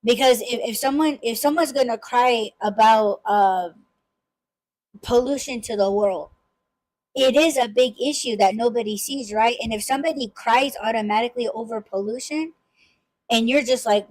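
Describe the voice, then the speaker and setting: A woman's voice: fairly high pitch, a little slow, darkish tone, low-quality recording. A woman hosting a casual podcast chat, talking emphatically with frequent restarts and swearing. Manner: emphatic, swearing freely, many repeated restarts. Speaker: podcast host.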